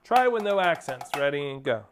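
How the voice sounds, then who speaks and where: A man's voice: a little high, big pitch swings, brisk, background noise. A man teaching a percussion lesson, counting off and singing rhythms aloud as he coaches. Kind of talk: instructional drum lesson. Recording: spoken over loud percussion playing.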